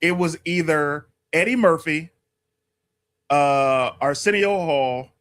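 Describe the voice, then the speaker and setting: A man co-hosting a casual movie talk show, joking and laughing loudly. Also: fairly high pitch, slow. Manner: animated, laughs loudly, jokey. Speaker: podcast co-host.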